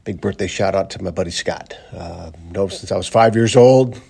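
In his car on the way to work, a man hosts his daily motivational podcast at a normal pace in a low, gravelly, warm and husky voice. He's a coach who talks earnestly but loosely, full of fillers and repetition, and at one point chokes up.

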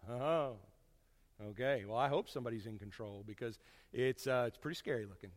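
A man preaching a sermon to his congregation, folksy and storytelling, swinging from loud to hushed. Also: mid-range voice, fairly quick, in a large hall.

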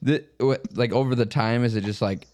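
A man's voice: mid-range voice, brisk, darkish tone. A man hosting a podcast, asking long, loose questions filled with "like". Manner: loose questions full of "like", laughs often. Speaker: podcast host. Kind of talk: casual interview.

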